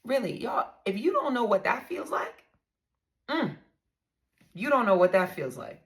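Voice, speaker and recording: A woman vlogger candidly telling her own story to her viewers, blunt and profane, often calling them y'all. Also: fairly low pitch.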